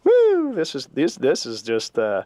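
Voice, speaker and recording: A man doing a sarcastic stand-up routine as a patient, animated and acting out the voices he quotes. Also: on the high side, measured pace, no room sound, clean studio sound, soft background music. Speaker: comedian as patient.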